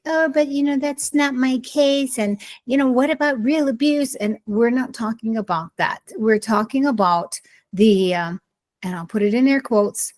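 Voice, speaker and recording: A middle-aged woman talking casually to camera as a blogger, opinionated and emphatic, often wandering and restarting her sentences. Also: a little high. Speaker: blogger sharing personal experience.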